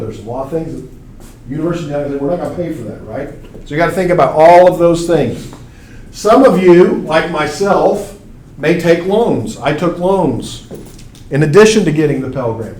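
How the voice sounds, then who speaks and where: A college instructor in his forties from Arkansas lectures his class in a conversational way, asking them questions. His voice sits on the high side and is a little mellow. The echoey classroom audio is captured from a distance, with slight background noise.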